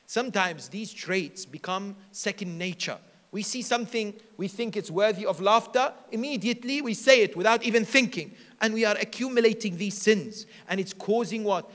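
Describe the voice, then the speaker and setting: A man preaching a sermon as a sheikh at a religious gathering, animated and full of rhetorical questions he answers himself. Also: sits high, in a large hall. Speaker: sheikh giving a majlis lecture.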